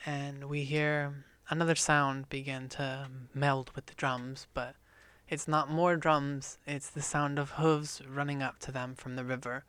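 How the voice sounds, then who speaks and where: An excitable man co-hosting a casual podcast and recapping a book, swearing freely as he goes. His voice is bright and smooth, and the recording is dry and close. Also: mid-range voice, unhurried, no room sound. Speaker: podcast co-host.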